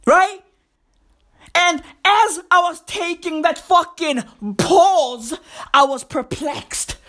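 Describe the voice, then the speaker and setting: A woman hosting a podcast in a profane comedic rant. She repeats her phrases and breaks into exasperated shouts. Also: very high voice, slow pace. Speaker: podcast host.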